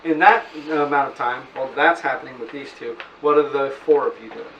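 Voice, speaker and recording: A man's voice: medium pitch, fairly quick, a little hiss or hum. A man as game master, narrating a tabletop game in a casual, hesitant way with many fillers. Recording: dull, echoey room, far from the mic.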